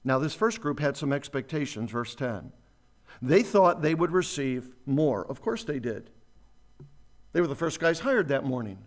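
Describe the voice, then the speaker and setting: A man preaching a sermon, teaching verse by verse through a Bible passage with animated explanation. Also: on the high side, normal speed.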